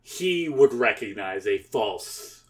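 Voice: mid-range voice, animated, slow. A hesitant storyteller thinking aloud. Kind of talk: improvised collaborative storytelling.

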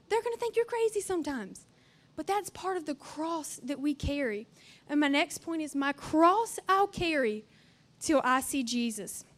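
A young woman giving a chatty, earnest youth-camp sermon with playful asides. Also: high-pitched.

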